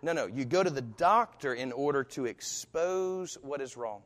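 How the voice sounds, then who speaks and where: A pastor preaching a sermon and telling a personal story with animation, acting out the voices of people in it. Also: male voice, medium pitch, animated, moderate pace, a bit bright. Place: church. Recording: reverberant hall.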